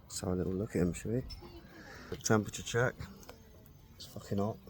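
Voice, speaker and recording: A man's voice: on the low side, brisk. A man vlogging casually outdoors at an elephant sanctuary, full of slang and calling everyone mate. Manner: laddish, slangy, says "mate" a lot. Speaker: travel vlogger. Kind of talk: casual vlog chat.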